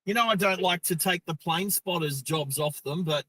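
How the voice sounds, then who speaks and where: An Australian man hosting a driving live stream from a car, talking into his phone in a casual, excitable way. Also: sits high, moderate pace, husky, dry recording, rough recording. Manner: chatty, excitable narration of what he sees. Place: parked car.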